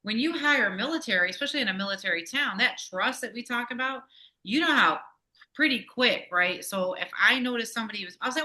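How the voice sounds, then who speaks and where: A woman who served in the Navy and once managed a store is a guest on a casual podcast, talking in an animated, emotional, in-your-face way. Her voice is fairly high and she speaks fast.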